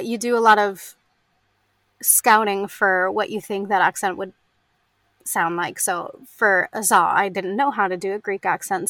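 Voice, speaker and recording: An American woman, an audiobook narrator, chatting casually in an interview, laughing often and filling pauses with ums. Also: medium pitch, fairly bright tone, no echo.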